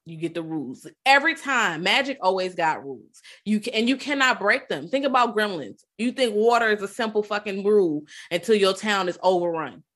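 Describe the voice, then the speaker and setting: A woman co-hosting a podcast, retelling a film in a lively, profane, casual way. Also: mid-range voice, brisk, few pauses. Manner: animated, profane, acts out quotes. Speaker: podcast co-host.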